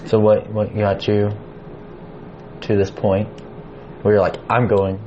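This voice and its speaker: A man's voice: lowish voice, flat delivery, takes it slowly, muffled recording, slight background noise. A man co-hosting a casual podcast, laid-back and teasing. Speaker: podcast co-host. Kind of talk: casual chat.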